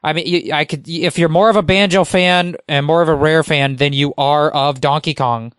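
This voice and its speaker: A man's voice: a little high, steady tone, normal speed, a bit bright, smooth, no room sound, studio quality. A man who is a guest on a podcast, talking casually and with enthusiasm, rambling and using many fillers.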